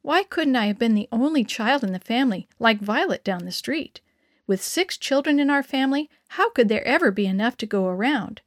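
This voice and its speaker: An earnest young schoolgirl from a poor family in a children's storybook, voiced by a woman reader. She pleads sincerely in a fairly high voice, recorded dry and close. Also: expressive, fairly quick, dry recording, lightly acted.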